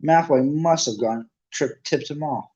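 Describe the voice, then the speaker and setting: A man voicing a bossy, sharp-tongued schoolgirl, lecturing in a snappish way, in a dull lo-fi recording. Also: on the high side, unhurried, lightly acted.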